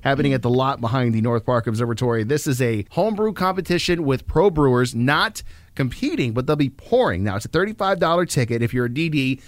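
Guy hosting a radio show, jokey, keeps things moving, mid pitch. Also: animated, quick pace, no echo. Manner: joking, steers the talk. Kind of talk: casual on-air banter. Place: radio studio.

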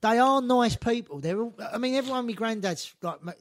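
A man hosting a casual chat, often chiming in with agreement and quick asides. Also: very high-pitched, animated, slight background noise.

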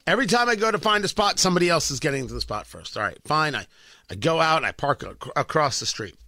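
A middle-aged man from the New York and New Jersey area, a radio host telling a self-mocking story in an animated way. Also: on the high side, fast talker, dry recording, studio quality. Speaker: radio talk show host. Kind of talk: radio monologue.

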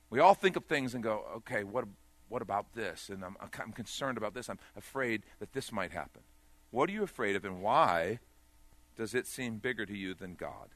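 Bright-voiced preaching man, dry close sound. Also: dry recording. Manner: swings between loud urgent peaks and quiet low asides. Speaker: pastor. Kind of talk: sermon.

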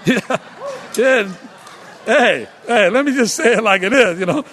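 A pastor giving a funeral eulogy, telling stories in an animated, chatty way full of "you know". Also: male voice, sits high, a little slow.

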